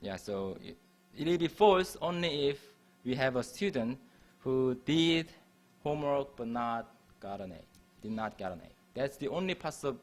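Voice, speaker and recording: A man's voice: mid-range voice, lively intonation, unhurried, faint music behind. A man giving a university math lecture, explaining patiently and restarting phrases as he goes. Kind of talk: classroom lecture.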